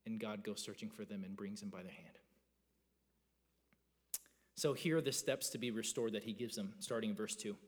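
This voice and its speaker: Guy in his 30s preaching, animated, stumbles and restarts a lot, church reverb. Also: mid-range voice. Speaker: pastor. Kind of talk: sermon. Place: church sanctuary. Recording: long reverb of a church hall.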